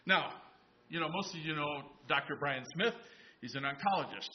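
A pastor with a high voice preaches in church, retelling a Bible story conversationally and pausing to question the congregation. He's expressive at a normal speed, telling the story and voicing biblical characters in asides. The recording sounds dull and lo-fi.

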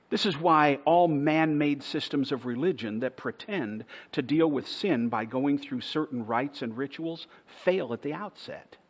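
A man in the pulpit preaching with earnest conviction, his voice sitting a little on the high side. He swells to near-shouts and sinks to soft, hushed emphasis. The recording is dull and lo-fi. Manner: earnest preaching, swells louder to a near-shout at points, drops to a hush on key words. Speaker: pastor. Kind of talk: sermon.

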